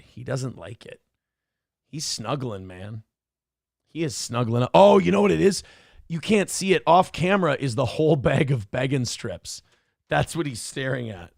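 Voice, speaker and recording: Male stream host, excitable and crude, gravelly and high, dry sound. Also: dry recording. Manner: rambling and excitable, crude jokes, cooing baby talk to his dog. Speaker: livestream host. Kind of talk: casual livestream chat.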